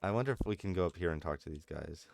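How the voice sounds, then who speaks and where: Man, thirties, low voice, dry close sound, rambling gameplay chatter, frequent laughs. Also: racing, creaky, a little mellow, dry recording. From United States. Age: 30s. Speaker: streamer. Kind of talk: casual gameplay commentary.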